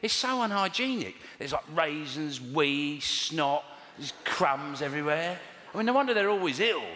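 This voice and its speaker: A man in his thirties or forties with a London accent, doing a stand-up comedy routine in a conversational, exasperated way with sudden high squeals for emphasis. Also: moderate pace. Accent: London English. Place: large theatre stage before a live audience. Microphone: stage microphone. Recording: roomy hall reverb, loud audience laughter.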